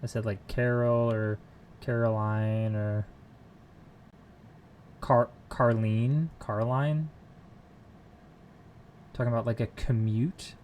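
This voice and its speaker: A man talks slowly in a mid-pitched voice, half to himself and half to his stream viewers. He mutters lines of code aloud as he works at his computer in a room at home. Faint keyboard typing and a light hiss sit behind him. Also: steady tone, a little mellow. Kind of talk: casual live stream while coding.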